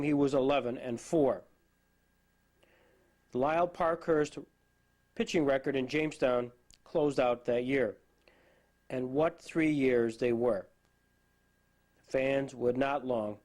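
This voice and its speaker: A man narrating a documentary and asking interview questions, with a measured delivery. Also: mid-range voice, darkish tone.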